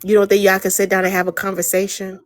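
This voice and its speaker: A woman's voice: medium pitch, monotone, fast, dry recording. Woman host, blunt and teasing, casual live chat, dry close phone sound.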